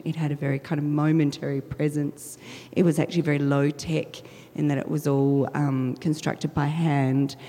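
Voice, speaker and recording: A woman curator, speaking through a croaky, husky voice as she presents her projects in a measured talk with frequent ums. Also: low voice, mellow. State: hoarse, croaky voice. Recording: long reverb of a lecture hall.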